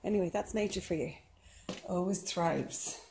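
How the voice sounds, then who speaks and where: A woman chatting casually to camera outdoors in her garden while she works, unhurried, with lots of ums and a little out of breath. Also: on the low side, darkish tone, reverberant, a little hiss or hum. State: slightly out of breath from physical work. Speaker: vlogger.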